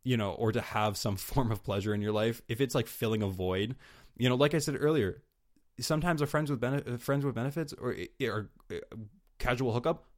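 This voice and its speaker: A man's voice: mid-range voice, fairly quick. A young man hosting a solo podcast, talking candidly and rambling with lots of fillers and restarts, swearing casually. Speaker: podcast host.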